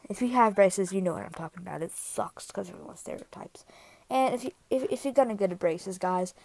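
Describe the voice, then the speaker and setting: A woman chats casually to her phone camera in a middle-pitched voice. She rambles, piles on fillers and wanders off into side remarks as she goes. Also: darkish tone. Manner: rambling, full of fillers and asides. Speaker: vlogger. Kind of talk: casual vlog chat. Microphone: iPhone.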